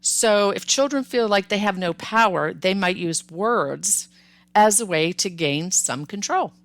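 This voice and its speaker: A woman hosts her own parenting podcast and talks to listeners in a friendly, upbeat way. She is close on the mic and the room sounds dry and dead. She has a mid-pitched voice and sometimes slips into the voices of the parents and kids she describes. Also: lively intonation, a little slow, dry recording. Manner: upbeat, conversational, acts out child and parent lines. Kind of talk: solo podcast advice talk.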